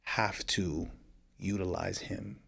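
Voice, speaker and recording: Deep, gravelly man talking football. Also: steady tone, slow, fairly bright tone. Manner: laid-back, playful, agreeable. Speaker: podcast guest. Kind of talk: casual sports chat.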